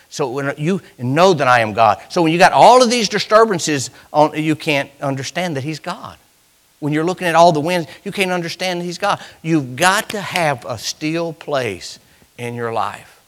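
A man preaching with a bright, ringing tone and a voice that leaps around in pitch. He swings from fervent, loud lines to hushed, drawn-out ones, with folksy Southern phrasing. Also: lively intonation. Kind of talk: sermon.

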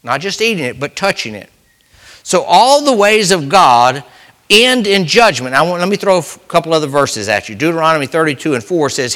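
A man delivers a sermon with a bright, forward tone, pitched a little above most men. He speaks conversationally, circling back to repeat his main phrases and stretching out the words he wants to land. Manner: conversational preaching, repeats and restarts phrases, slows for emphasis. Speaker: preacher.

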